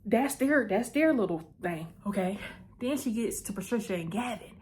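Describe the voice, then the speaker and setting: A woman hosting her vlog, recapping a movie in a breezy, chatty way, full of quick asides and "okay?" check-ins. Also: medium pitch, animated, darkish tone. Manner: breezy and playful, with asides and quick self-corrections. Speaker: vlog host. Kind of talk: casual chat movie recap.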